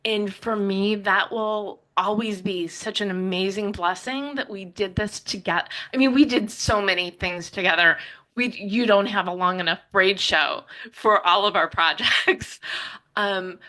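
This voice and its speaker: Bright-voiced woman, heartfelt and reflective. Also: mid-range voice, rough recording. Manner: emotional, reflective, quick run-on sentences with restarts. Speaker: podcaster and writer, interview guest. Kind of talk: heartfelt conversational interview answers.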